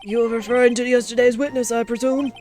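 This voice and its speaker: A woman's voice: fairly high pitch, little pitch movement, a little fast, darkish tone, soft background music, natural voice. A woman voicing a fussy elderly male judge in a formal, ponderous manner.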